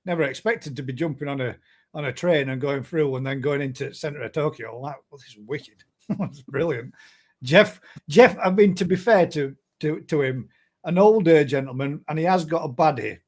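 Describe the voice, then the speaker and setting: Chatty Northern English man, fairly high voice. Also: moderate pace, darkish tone. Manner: chatty, laughs often, broad dialect. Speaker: show host. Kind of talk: casual live-stream chat.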